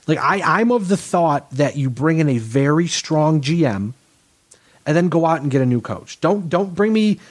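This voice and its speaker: A man's voice: on the high side, lively intonation, normal speed. A man co-hosting a casual sports podcast, talking in long rambling runs full of restarts and self-corrections. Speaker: podcast co-host.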